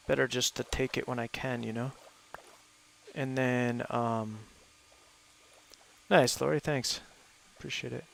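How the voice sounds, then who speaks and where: Gravelly-voiced man chatting while gaming. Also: mid-range voice, fairly bright tone. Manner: chatty and easygoing, laughs often; thinks aloud with fillers. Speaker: gaming host playing with friends. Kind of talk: casual chat while gaming.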